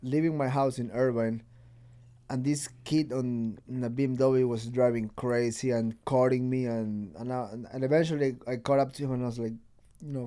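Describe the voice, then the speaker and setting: A podcast host tells stories in casual chat, swearing freely and acting out what people said. His mellow voice sits at medium pitch, with fairly even intonation and a slightly fast pace.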